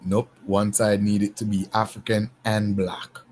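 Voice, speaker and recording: A man hosting a casual panel discussion, talking in an unhurried, emphatic way with frequent restarts. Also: lowish voice, level tone, a little mellow, slightly rough. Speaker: panel host.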